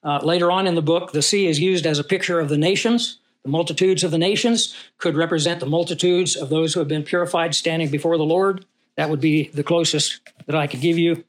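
A man's voice: a little high, steady tone, a little fast. A man teaching a Bible study, who reads scripture aloud and puts questions to his class.

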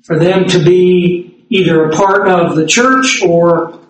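High-voiced preacher in an echoey hall. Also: male voice. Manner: measured, emphatic Bible exposition with fillers. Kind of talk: sermon teaching.

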